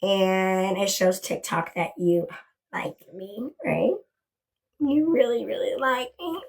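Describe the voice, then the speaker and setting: Slow and gravelly at a medium pitch, a livestream host chats from her bedroom in a relaxed broadcast, effusive and talkative. She repeatedly thanks her viewers and drops casual curse words along the way.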